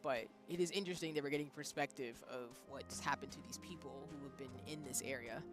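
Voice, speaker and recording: With faint music behind them, a thirty-something streamer chats through a game, casually commenting and talking back to the on-screen characters. They have a medium-pitched voice and speak a little fast.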